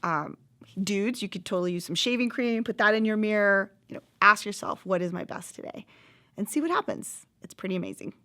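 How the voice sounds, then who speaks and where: A woman's voice: medium pitch, a little fast. A middle-aged woman hosting a self-help course, speaking in an earnest, encouraging way with frequent laughs. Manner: earnest, warm, animated with laughs. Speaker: course host.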